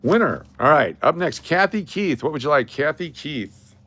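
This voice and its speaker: A man with a fairly high, sharp-toned, very animated voice talks at normal speed. On his casual live stream, he runs coin giveaways, chatting repetitively and calling out viewers by name as they win prizes.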